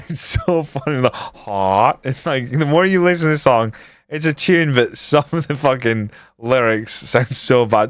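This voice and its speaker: A man live-streaming a football management game, swearing often and reacting loudly to the match as he chats with viewers. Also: mid-range voice, lively intonation, unhurried, no room sound, clean studio sound.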